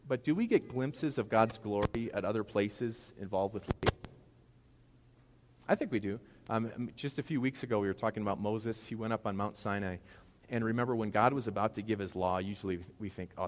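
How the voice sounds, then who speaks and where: A man gives a laid-back sermon in a church sanctuary, teasing and quizzing his congregation as he goes. His voice is on the low side. A long reverb trails behind every phrase. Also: a little hiss or hum. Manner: casual, joking, asks the congregation questions. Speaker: pastor.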